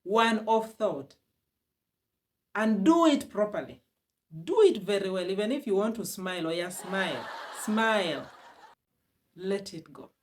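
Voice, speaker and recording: A woman's voice: mid-range voice, expressive, a little fast. A woman from Uganda with a Ugandan English accent, giving emphatic, repetitive self-help advice on healing after divorce as a vlogger. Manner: emphatic and repetitive, with sudden loud bursts and laughs. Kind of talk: motivational self-help talk.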